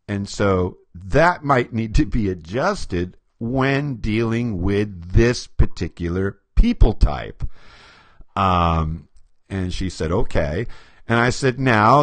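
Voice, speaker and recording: A behavior profiler explains personality types to camera through stories, acting out quotes and chuckling often. His mid-range voice is a bit bright, with no room sound.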